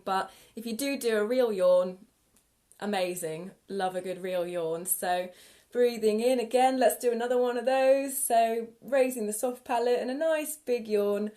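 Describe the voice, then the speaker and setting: A woman leads a live singing-for-wellbeing session, coaching breathing and vocal warm-ups. She speaks at an unhurried, slow pace in a mid-range voice. Her instructions are gentle and encouraging. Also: medium pitch. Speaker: singing teacher. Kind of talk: guided vocal warm-up lesson. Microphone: live video stream.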